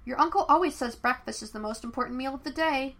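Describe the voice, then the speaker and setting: A woman's voice: high-pitched, fast talker, voice pushed up. A woman voicing a cheerful, earnest young boy who talks eagerly in a storybook reading. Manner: bright and earnest.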